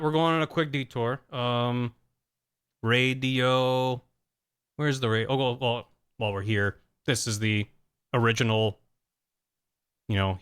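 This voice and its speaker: A man's voice: mid-range voice, a bit bright. A young man streaming, giving rambling, self-deprecating casual commentary full of fillers and laughs.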